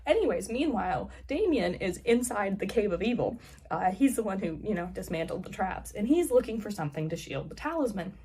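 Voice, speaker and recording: Rambling husky-voiced woman recapping a book. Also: medium pitch, big pitch swings, fairly quick, a little mellow. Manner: rambling, heavy use of "like" fillers. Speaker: book reviewer. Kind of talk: casual plot recap.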